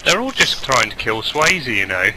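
A man in a mid-pitched voice calling out positions to his team over game voice chat, practical and full of ums. Clear noise sits under the line. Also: big pitch swings, moderate pace. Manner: practical, calls out positions with fillers. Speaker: gamer, team caller. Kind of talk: casual voice chat while gaming.

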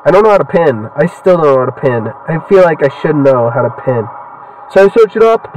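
A young man giving casual, swear-filled commentary while playing a video game, excitable and heckling the characters on screen. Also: fairly high pitch, a little fast, recorded from a distance, muffled recording. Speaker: gaming channel host.

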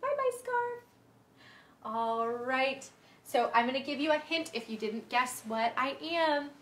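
A woman's voice: high-pitched, expressive, a little slow, fairly bright tone, slight background noise. A young woman teaching a music and movement class to young children, playful and sing-song, singing often. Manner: sing-song, playful, many sung lines and vocal games. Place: indoor room, livestream. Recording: echoey room.

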